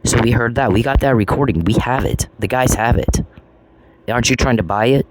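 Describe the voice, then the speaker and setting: In a noisy recording full of clicks, a male vlogger rants angrily, cursing and confronting his target with taunting questions he keeps repeating. He speaks a little fast in a mid-range voice.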